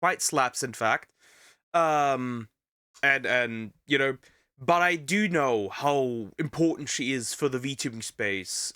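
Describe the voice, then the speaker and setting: A man with a bright, forward voice talks through a reaction video while a little sick. His commentary is casual and rambling, full of restarts and repeated words. The sound is dry and close to the mic. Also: mid-range voice, clear, resonant tone, no echo.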